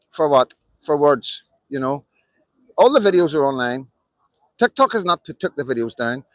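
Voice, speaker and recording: A man from Northern Ireland speaks with a Belfast accent in a raised, fairly high voice. He talks straight to his audience in a live-stream monologue, hammering his points with emphatic repetition. The sound is close and dry, with no room around it. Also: no echo, poor audio.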